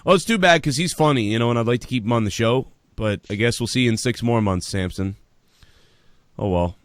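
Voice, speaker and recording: A man's voice: medium pitch, a little fast, dry recording. Give me a laughing, joking man hosting a call-in show, dry and close. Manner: laughs a lot, profane and joking. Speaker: host. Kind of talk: casual call-in show banter.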